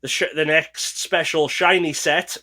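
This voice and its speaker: A man's voice: fairly high pitch, steady tone, unhurried, pushed and bright. A man from Northeast England with a mild accent from there, co-hosting a casual podcast and patiently explaining things in an easygoing way. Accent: mild Northeast English. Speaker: podcast co-host. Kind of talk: casual chat.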